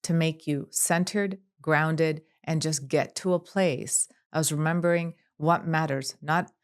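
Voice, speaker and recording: A woman psychologist talks as a podcast guest in a calm, measured way, walking through long lists of examples. Her voice sits a little low and sounds smooth and clear. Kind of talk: podcast interview.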